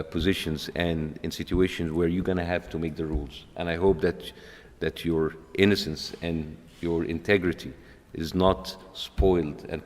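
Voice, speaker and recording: A middle-aged man speaks with a deep, low voice. He gives a wry, self-mocking speech as a comedian. His words ring out with a long reverb from a large hall. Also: darkish tone.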